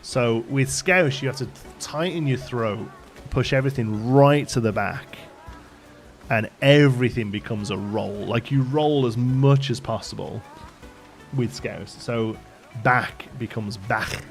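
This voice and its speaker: An English man hosts a live stream with a light Liverpool tinge to his accent, laughing often as he chats casually and digressively while building in a game. His mid-range voice is unhurried, and faint music plays in the background.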